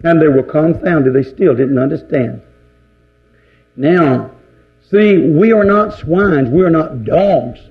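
A man delivers a fiery sermon, piling rhetorical question on rhetorical question. His voice sits a little high and has a gravelly, creaky edge. The recording is dull and lo-fi. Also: slow pace, soft background music. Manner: fervent preaching, volleys of rhetorical questions. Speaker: preacher.

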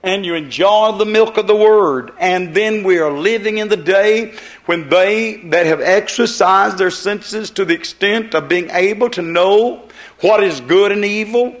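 A man's voice: high voice, a little slow. A man preaching a sermon, telling a parable in a rambling, repetitive way. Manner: rambling storytelling with repeated phrases.

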